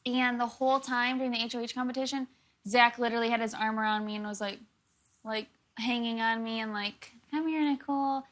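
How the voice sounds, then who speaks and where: Young woman interviewee, bright and high, chatty storyteller. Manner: rapid, filler-heavy, animated. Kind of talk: casual storytelling.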